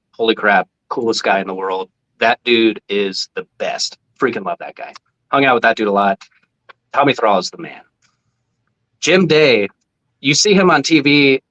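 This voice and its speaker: A man telling a story on a podcast in a casual, animated way. He swears freely, laughs often and jumps up in pitch when he quotes people. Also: low-quality recording. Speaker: podcast guest, former team mascot.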